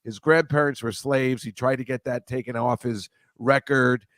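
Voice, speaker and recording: A man's voice: mid-range voice, steady tone, normal speed, fairly bright tone, no room sound, studio quality. A man hosting a casual comedy chat show, rambling and self-deprecating, stammering and restarting as he goes. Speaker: host.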